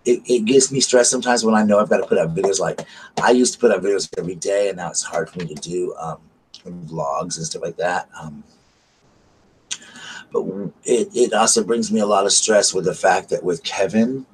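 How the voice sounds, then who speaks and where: A man's voice: deep voice, fairly quick, slight background noise, low-quality recording. A man chatting casually and gushingly to his live stream viewers, full of fillers. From Southern United States. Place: home at night by candlelight.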